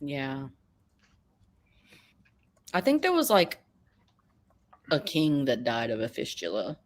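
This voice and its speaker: A woman's voice: very deep voice, wildly swooping pitch, slow. A woman co-hosting a podcast, chatting casually with dry quips and bits of trivia. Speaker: podcast co-host. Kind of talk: casual chat.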